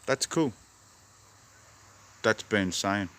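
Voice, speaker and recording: This Australian man talks very slowly in a fairly low, expressive, slightly bright voice. A hobby gardener, he rambles in an easygoing, spiritual style while recording his backyard garden on a phone for an outdoor vlog.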